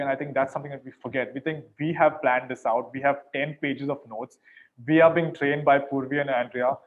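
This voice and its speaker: Man, mediation judge, informal coaching, animated, repeats words, higher voice, muffled call sound. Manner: animated, repeats words when starting sentences. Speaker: mediation competition judge giving advice.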